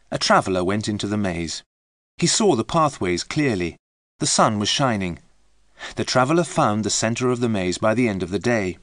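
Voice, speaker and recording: Audiobook narrator, male, low register, measured learner-friendly reading, dry booth. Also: no room sound. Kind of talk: scripted storybook narration.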